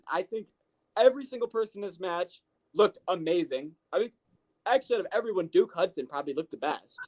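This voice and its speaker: A podcast co-host in casual chat, telling stories in an animated, profane way full of fillers. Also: mid-range voice.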